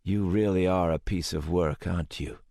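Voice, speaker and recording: A man's voice: deep voice, normal speed, creaky, mellow, dry recording, studio quality. A male narrator voicing a hostile young man who speaks with cold contempt. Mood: contemptuous.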